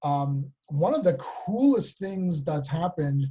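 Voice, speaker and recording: A man co-hosting a casual comic book chat, rambling excitedly and acting out quotes. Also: fairly high pitch, slow pace, husky. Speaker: podcast co-host.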